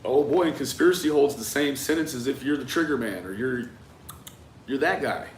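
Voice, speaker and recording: A man in a mid-pitched voice talks through a case in a loose, reflective monologue, tossing in "right?" again and again and sometimes dropping into quiet asides. His voice rings in a roomy space with a faint hum of ambience behind it. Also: lively intonation, moderate pace. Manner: conversational, frequent "right?" tags, trailing off into quiet asides. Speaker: commentator on a true-crime case.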